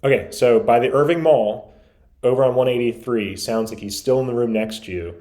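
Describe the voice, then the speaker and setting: A man's voice: medium pitch, brisk, mellow. A man reviewing radio gear, giving an analytical, emphatic explanation as host. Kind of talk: explanatory commentary.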